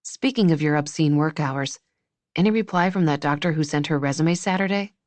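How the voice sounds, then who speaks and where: A woman's voice: low voice, fairly quick, a little mellow, no echo, close to an everyday voice. A woman voicing Wes, an attentive, teasing grown man.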